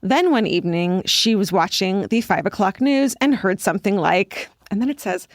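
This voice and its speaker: A woman co-hosting a podcast, chatting casually and reading a listener's story aloud in an animated way, swearing freely. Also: mid-range voice, moderate pace, no room sound, studio quality.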